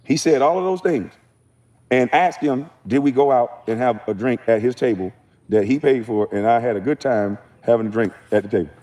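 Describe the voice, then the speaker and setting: Man, blunt storyteller, dismissive, mellow mid voice. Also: medium pitch, fairly quick. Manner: blunt, dismissive, matter-of-fact. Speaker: former athlete in a played clip. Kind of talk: defiant storytelling.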